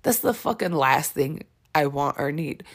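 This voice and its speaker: Husky, low-pitched and animated, this female podcaster speaks candidly about personal matters in a monologue. Her delivery is blunt and emphatic with frequent cursing, and it stalls often with fillers and fresh starts.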